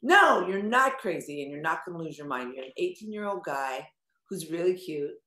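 An older woman hosting a live video call forum on anxiety, animated and teasing, swearing casually as she coaches a caller. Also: fairly low pitch, normal speed, reverberant.

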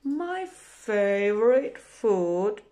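A big, hungry male forest monster from a children's storybook, speaking low and slow in a hushed, whispery voice. He is gullible and easily amazed. A woman reading aloud plays him. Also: big pitch swings.

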